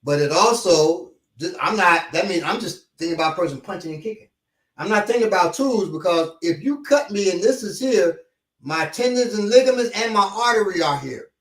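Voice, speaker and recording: Upbeat guy with a higher voice acting out self-defense bits, echoey room, off mic. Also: a little fast, distant mic. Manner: lively, acts out scenarios with quoted lines. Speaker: martial arts instructor. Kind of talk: casual conversation.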